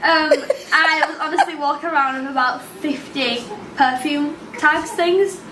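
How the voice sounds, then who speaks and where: A young woman telling a story in casual chat at home, giggly and animated. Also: high-pitched, unhurried. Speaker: vlogger's daughter. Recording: roomy echo, noticeable noise.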